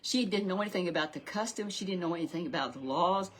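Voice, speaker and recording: A woman's voice: fairly low pitch, fast talker, slight background noise. A woman telling a Sunday Bible story to a puppet, rambling and repeating herself with many restarts.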